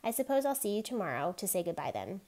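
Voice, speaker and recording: A woman reading a novel aloud, voicing a sad, gentle young boy in a quiet, subdued way. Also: mid-range voice, very animated, fast, natural voice.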